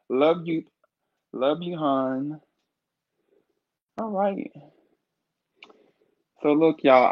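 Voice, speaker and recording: A man hosting a casual livestream, talking in a sassy, flamboyant way with drawn-out exclamations. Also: medium pitch. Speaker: livestream host. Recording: dull lo-fi stream audio.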